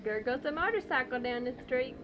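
A high-voiced mother coos and coaxes her baby in a playful sing-song, often speaking the baby's lines for her. The sound is a muffled old home tape recording, with clear hiss under the voice. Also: expressive, a little fast. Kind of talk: baby talk to an infant. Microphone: handheld tape recorder microphone.

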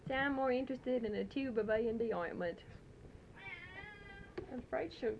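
At home, a mother with a high-leaning voice coos baby talk to her infant in a playful, coaxing sing-song at a moderate pace, speaking into a handheld tape recorder's microphone to make a tape for her husband who is away. The recording is muffled, with background noise.

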